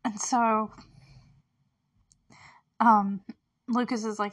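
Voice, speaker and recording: Young woman gushing through a show recap, lots of likes and ums, mid pitch, laughs a lot. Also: fairly even intonation, normal speed, fairly bright tone. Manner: chatty, many fillers and likes, laughs often. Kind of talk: casual recap chat.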